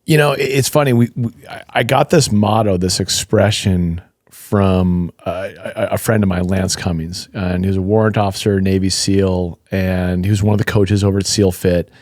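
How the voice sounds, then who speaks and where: A man in his fifties, a podcast guest, chatting in an upbeat, animated way. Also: low-pitched, moderate pace, hardly any pauses, no room sound, studio quality. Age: 50s. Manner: upbeat, animated storytelling with fillers. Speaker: podcast guest, supplement company founder. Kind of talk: casual interview chat.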